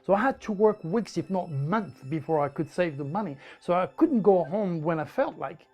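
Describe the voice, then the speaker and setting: A man from France with a French accent, telling a personal story in an animated, emphatic way. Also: high-pitched, normal speed, dull audio. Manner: animated, emphatic, with repetitions and laughs.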